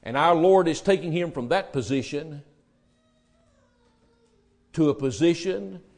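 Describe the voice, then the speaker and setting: A man preaching a sermon, swinging between loud, emphatic address to the congregation and hushed, quiet retellings of dialogue. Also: a little high, measured pace, gravelly.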